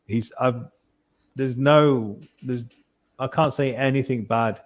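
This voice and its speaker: A man's voice: mid-range voice, fairly even intonation, takes it slowly. A man on a panel chat, speaking earnestly and persuasively. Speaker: panel guest. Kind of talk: casual chat.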